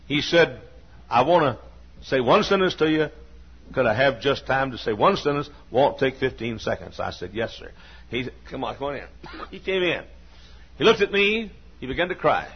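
Husky older preacher, dull recording. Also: male voice, mid-range voice. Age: 60s. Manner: folksy, earnest, with frequent restarts and coughs. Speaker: pastor. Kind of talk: sermon with personal stories. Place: church sanctuary.

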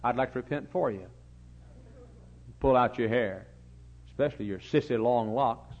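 A man in the pulpit, preaching with folksy stories and acted-out voices. His voice rises from quiet asides into loud, fervent bursts. The recording sounds slightly dull. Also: mid-range voice, moderate pace. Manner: folksy storytelling, acts out voices, swings loud and soft. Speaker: pastor. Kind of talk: fiery sermon. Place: church.

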